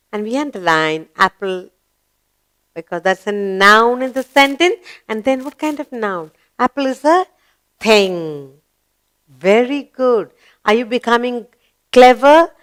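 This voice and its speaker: A woman leads a slow grammar lesson for small children. Her fairly high, smooth voice swoops up and down in a lively singsong. She keeps asking little questions and answering them herself in an encouraging tone. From India. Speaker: teacher.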